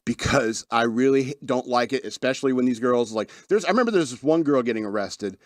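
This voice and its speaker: A man's voice: medium pitch, animated, quick pace, no echo, studio quality. Wry, rambling male podcast host. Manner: wry, rambling, laughs often, self-deprecating. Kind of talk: casual chat.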